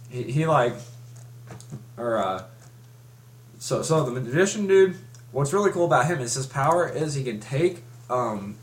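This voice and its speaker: A man's voice: medium pitch, a little hiss or hum. Young man rambling through a plot recap. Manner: rambling, with many restarts and fillers. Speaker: fan recapping a comic. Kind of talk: casual chat.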